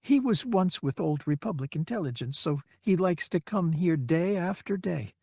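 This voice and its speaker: A man's voice: a little high, lively intonation, moderate pace, vocal fry, a little mellow, breathy edge, dry recording, studio quality, pitched above the performer's own voice, full character voice. A man voicing an anxious, apologetic middle-aged woman looking after her confused father.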